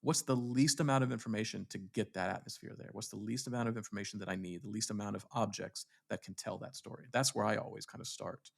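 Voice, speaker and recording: Man, podcast co-host, gravelly voice, reflective, thinking aloud, restarts sentences. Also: lowish voice, steady tone, fast, hardly any pauses. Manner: reflective, searching for words, many restarts. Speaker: podcast co-host, theatre director. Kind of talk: casual chat.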